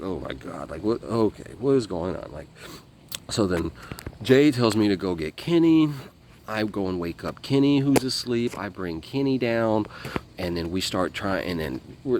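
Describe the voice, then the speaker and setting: A former foreign legion volunteer with a lowish, slightly mellow voice tells a war story in a casual, profane, rambling way, acting out what others said. There's slight background noise.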